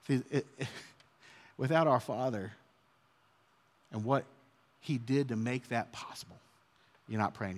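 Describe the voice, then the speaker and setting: A man's voice: mid-range voice, normal speed, pauses often. A man in his thirties preaching an earnest, conversational sermon as a pastor. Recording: long hall reverb.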